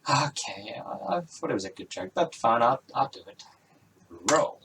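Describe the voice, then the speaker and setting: A man voicing a boastful, theatrical male stage magician who makes loud, grandiose announcements. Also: fairly high pitch, animated, normal speed, creaky, distant mic, noisy background, pitched above the performer's own voice. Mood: sulky.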